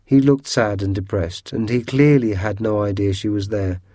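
Brief: measured male story narrator, dark warm tone. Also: on the low side, steady tone, no echo, clean studio sound. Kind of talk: storybook reading.

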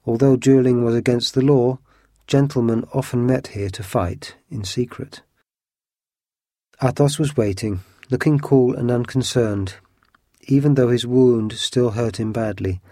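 A man narrating a classic adventure story in an even, measured storytelling manner. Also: medium pitch, dry recording, studio quality. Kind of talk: storybook reading.

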